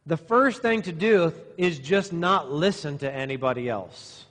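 A middle-aged man delivers a sermon to young men in a slightly high voice. He exaggerates and speaks sarcastically to drive his lesson home. A long reverb trails his words through the hall. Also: lively intonation, measured pace, hardly any pauses, a bit bright. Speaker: pastor.

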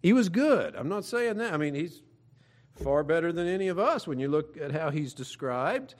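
A man's voice: on the high side, big pitch swings, moderate pace. A man preaching a sermon in a conversational way, with frequent asides and fillers. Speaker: pastor.

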